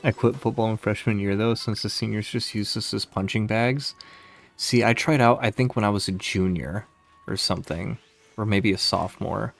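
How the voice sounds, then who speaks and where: A man with a somewhat low voice talks straight into a home desk mic. He tells stories to his live chat in a loose, rambling way. He swears freely and laughs at his own stories. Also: fairly even intonation, normal speed, gravelly, faint music behind. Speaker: streamer. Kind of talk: casual storytelling to live chat.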